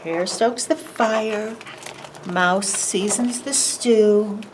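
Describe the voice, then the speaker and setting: Reading a picture book to preschoolers at storytime, this librarian speaks with animation and a sing-song lilt, putting questions to the kids. She has a mid-range voice, goes extremely slowly, and there's background noise.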